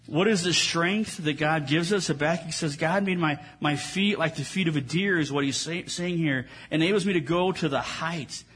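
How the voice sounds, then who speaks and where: A man's voice: fairly high pitch, a bit bright, slightly rough. A man preaching a sermon as pastor, telling stories in a conversational way with frequent restarts.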